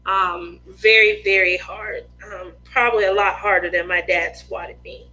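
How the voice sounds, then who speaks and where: Woman, craft livestream host, slow easy delivery, bright tone, animated, laughing storyteller. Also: medium pitch, a little hiss or hum, low-quality recording. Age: adult mother of two. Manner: animated, laughs often, acts out family members' lines.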